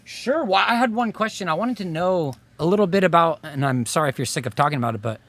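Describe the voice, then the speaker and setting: A man's voice: on the high side, animated, fast, fairly bright tone, no echo. A man co-hosting a casual podcast, asking polite interview questions.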